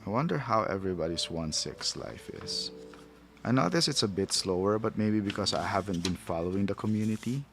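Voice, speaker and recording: A man's voice: lowish voice, lively intonation, brisk, vocal fry, fairly bright tone, soft background music. A man who is not a native English speaker, casually rambling and thinking aloud as he reviews a toy, chuckling at himself. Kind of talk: casual unboxing commentary.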